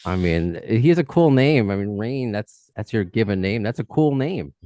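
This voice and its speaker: A man's voice: on the low side, expressive, normal speed, mellow, no room sound. A man with a New York accent hosting a podcast, chatty and rambling in a casual interview. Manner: chatty, rambling, self-deprecating. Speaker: podcast host.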